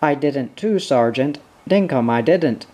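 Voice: mid-range voice, expressive, warm tone. A reader voicing a frightened, pleading stockman. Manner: broken outback English, halting and pleading. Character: frightened male outback stockman accused of murder.

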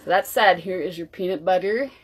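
A woman with a slightly low voice talks to her viewers in a loose, chatty way while she fixes her morning coffee. She moves around as she works, so her voice drifts closer and farther from the mic. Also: brisk, breathy edge. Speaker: wellness vlogger. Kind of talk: casual cooking demo chat.

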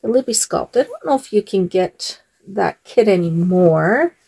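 A woman's voice: mid-range voice, animated, a little slow, vocal fry, a little mellow, husky. A woman vlogger chatting casually while she dresses dolls, talking in a chatty way and laughing often. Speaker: doll channel vlogger.

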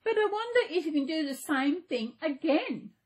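A woman's voice: high voice, very animated, moderate pace, voice pushed up. Woman reading as a stern, demanding king.

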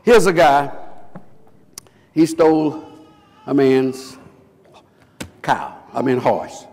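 A man preaching a sermon, impassioned, rising into emphatic shouts and asking the congregation questions. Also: medium pitch, animated, extremely slow. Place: church sanctuary. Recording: live church recording with long reverb.

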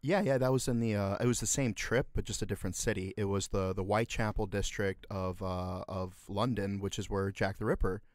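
A man's voice: fairly low pitch, steady tone, brisk, hardly any pauses, no echo, clean studio sound. A man co-hosting a podcast, chiming in with crude jokes in casual banter. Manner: crude, joking interjections. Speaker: podcast co-host.

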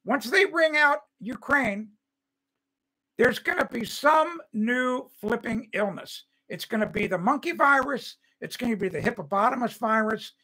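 A man's voice: extremely high pitch, expressive, unhurried, sharp tone, poor audio. An older man hosting a livestream, ranting angrily and repeating phrases, then reading viewer comments and answering by name. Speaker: host of a home-building show.

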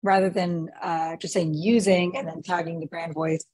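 A woman answering questions in a webinar as the guest expert, halting with many fillers and restarts. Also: lowish voice, little pitch movement, darkish tone, husky. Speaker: guest expert on prompt writing.

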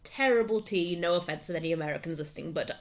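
A woman's voice: on the low side, fast talker. A woman co-hosting a podcast, talking thoughtfully and casually about a play. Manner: thoughtful, reflective, reads quotes aloud. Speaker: podcast co-host.

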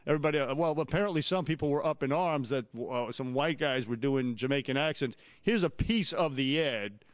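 A man's voice: mid-range voice, a little fast, dry recording. Wisecracking radio newsman, dry studio. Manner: wisecracking, reads items aloud. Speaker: radio co-host and newsreader. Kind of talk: morning radio banter.

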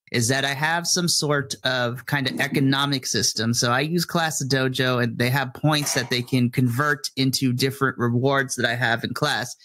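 A middle school teacher with a medium-pitched voice chats casually on a podcast. He tells stories animatedly, acting out his own rants.

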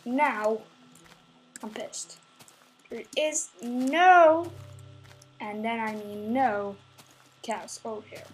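A woman's voice: a little high, low-quality recording. A woman giving let's play commentary, grumbling, swearing and talking to in-game animals. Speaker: gameplay channel host.

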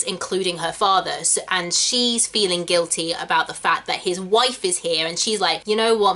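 A woman hosting a casual chat, animatedly retelling a musical's plot and acting out the characters. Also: lowish voice. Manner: animated, acts out characters in quick voices. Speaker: channel host explaining a musical.

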